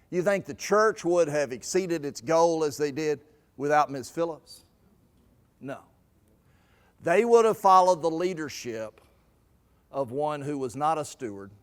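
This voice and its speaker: A man presenting a stewardship seminar, telling anecdotes and acting out the people in them. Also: mid-range voice. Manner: lively storyteller acting out quoted people. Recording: long hall reverb.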